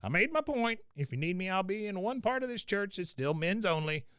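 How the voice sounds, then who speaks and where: A man doing a shrill cranky old veteran. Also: big pitch swings, fairly quick, fairly bright tone, smooth, no echo, studio quality. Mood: boastful. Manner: shrill, barking and scornful.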